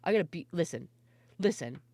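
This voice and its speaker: A woman streamer chatting casually and loudly with her viewers, laughing often and swearing freely. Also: fairly low pitch, animated, brisk, no echo. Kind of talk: casual live-stream chat.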